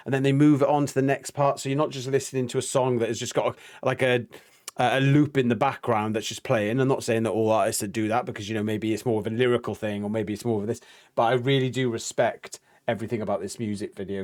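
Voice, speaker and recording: Man, mid-low voice, casual reaction chat, excited and rambling, scats rhythms. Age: adult, a husband and father. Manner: excited, rambling, hums and scats rhythms to make his point. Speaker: co-host of a music reaction channel.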